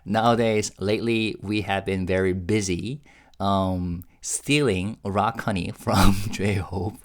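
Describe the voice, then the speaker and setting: Man, low voice, casual reaction host, live translating, chuckling, lots of fillers. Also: slow. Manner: relaxed, chuckling, hesitant with many fillers. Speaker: YouTube host translating a livestream.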